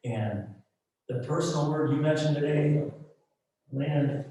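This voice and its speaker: A man's voice: on the high side, unhurried. Echoey, frank male pastor preaching. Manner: conversational and frank, swinging from soft asides to loud emphatic peaks. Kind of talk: sermon. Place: church sanctuary. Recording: roomy echo, mic at a distance.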